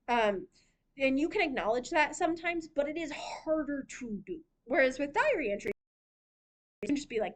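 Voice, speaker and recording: Young woman, high voice, giggly casual workshop presenter, lots of ums. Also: very animated, moderate pace. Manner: chatty, giggly, lots of fillers. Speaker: library writing workshop presenter. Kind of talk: casual talk on writing. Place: library room.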